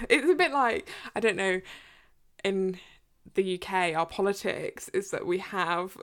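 A woman's voice: mid-range voice, measured pace, a bit bright. A young English woman with an English accent, co-hosting a casual book podcast, chatty, with many fillers and frequent laughter. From England. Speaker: podcast co-host.

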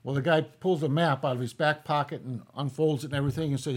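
A man's voice: mid-range voice, fairly even intonation, fast, few pauses, darkish tone. A man co-hosting a podcast, telling jokes in a folksy, easygoing way and chuckling between them. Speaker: podcast co-host. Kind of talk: casual joke telling.

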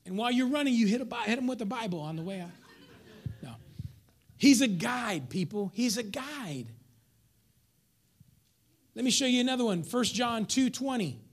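A man preaching a sermon as pastor, swinging between loud emphatic lines and hushed whispers while acting out members of the congregation. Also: extremely high pitch, lively intonation, moderate pace, long pauses.

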